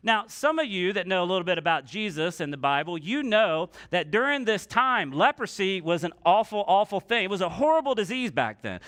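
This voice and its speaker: Bright, high-voiced male pastor. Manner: conversational, acts out voices of people in the story. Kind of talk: casual sermon. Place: church.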